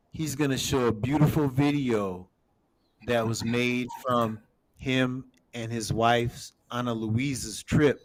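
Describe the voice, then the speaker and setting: A man's voice: medium pitch, fairly bright tone. A man hosting a casual livestream, rambling while showing a map and talking to viewers as everybody. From United States. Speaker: show host.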